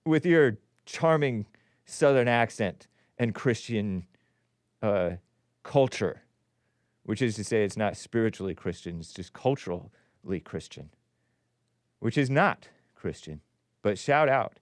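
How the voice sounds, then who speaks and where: A man's voice: lowish voice, lively intonation, takes it slowly, long pauses, dry recording, clean studio sound. A man hosting a call-in show, reading news aloud with sarcastic, rambling asides and chuckles. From California. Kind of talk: casual live-stream commentary.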